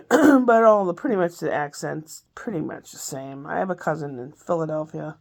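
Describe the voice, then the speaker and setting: A woman's voice: low-pitched, animated, normal speed, vocal fry. A woman vlogging from home in a meandering, chatty way, a little congested with a lingering cough. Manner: chatty, meandering, self-interrupting. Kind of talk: rambling casual chat.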